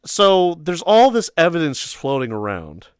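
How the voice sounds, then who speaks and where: A man hosting a casual livestream chat, telling a long story in a rambling, animated way with laughs and swearing. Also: fairly high pitch, moderate pace, smooth, dry recording, clean studio sound. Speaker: livestream host.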